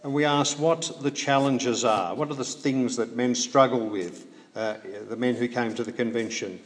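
A man preaching a sermon in a measured way, with rhetorical questions and dry humorous asides. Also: medium pitch. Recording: echoey hall, faint background noise.

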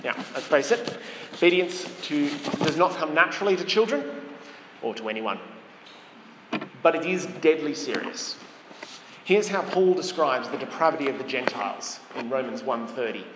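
A male preacher delivers a sermon in an earnest, measured way, stacking his points one after another. His voice sits a little high. The sound rings through a roomy church hall with a long reverb, and a faint hiss runs under it. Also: animated. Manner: measured, earnest, emphatic lists.

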